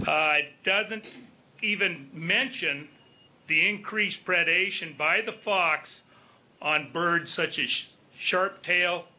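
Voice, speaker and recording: Slow, bright-voiced man commenting. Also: a little high. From Montana. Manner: measured, deliberate, with frequent filler pauses. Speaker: public commenter for a wool growers group. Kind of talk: formal public comment. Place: remote line into a public meeting.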